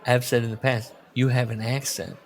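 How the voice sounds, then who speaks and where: Rambling Midwestern podcast host. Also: male voice, mid-range voice, little pitch movement, normal speed, a little mellow, a little hiss or hum. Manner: rambling, restarts thoughts, laughs often. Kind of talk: casual chat.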